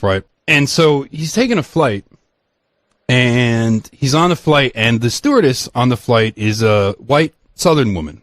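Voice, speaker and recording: A man hosting a podcast, telling a story in casual chat with animated, profane, emphatic ranting. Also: medium pitch, dry recording. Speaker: podcast host.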